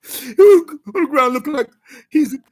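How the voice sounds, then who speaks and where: A man putting on a rambling, tearful, self-pitying young man in a satirical impression monologue on his vlog, stammering through repetitions and drawn-out pleading. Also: very high-pitched, animated. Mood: rambling indignant. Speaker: vlogger.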